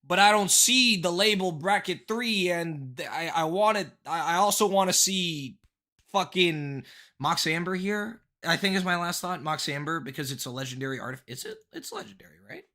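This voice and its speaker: A man's voice: high-pitched, lively intonation, moderate pace, pushed and bright. A young man hosting a casual live stream from his bedroom, rambling and swearing, with frequent laughs and restarts. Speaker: streamer reviewing viewer decks.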